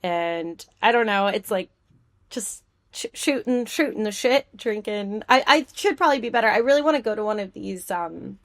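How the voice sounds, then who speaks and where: Giggly woman with a gravelly edge. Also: medium pitch, lively intonation, normal speed, no room sound, clean studio sound. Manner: giggly, jokey, heavy on filler words. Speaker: guest. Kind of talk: casual interview chat.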